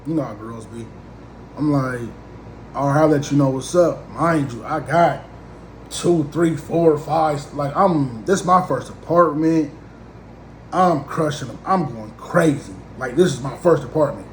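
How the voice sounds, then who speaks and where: A man in his thirties spins a casual, slangy comic story and acts out each side of the talk. His voice sits a bit high for a man. The room is echoey, with a faint hiss underneath. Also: unhurried. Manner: slangy, animated, acts out both sides of conversations.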